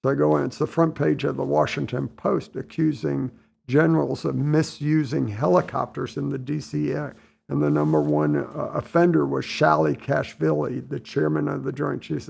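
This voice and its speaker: A man in his sixties from the United States, telling stories in a relaxed interview, acting out what people said. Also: fairly high pitch, normal speed, vocal fry, slightly rough. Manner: relaxed anecdotal storytelling, acts out dialogue. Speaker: podcast guest, retired Navy admiral. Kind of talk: casual storytelling interview.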